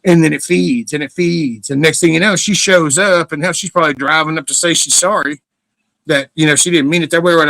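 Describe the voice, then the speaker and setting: A man's voice: fairly high pitch, fairly quick, creaky, pushed and bright. A middle-aged man hosts a livestream in a rambling, casual monologue. He is blunt and profane, and his talk wanders and restarts. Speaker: livestream host.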